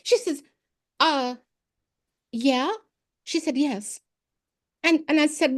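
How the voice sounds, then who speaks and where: Animated high-voiced woman educator. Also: slow, long pauses. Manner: animated, acts out dialogue in her anecdotes. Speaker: education expert, former principal. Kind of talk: storytelling in an informal interview.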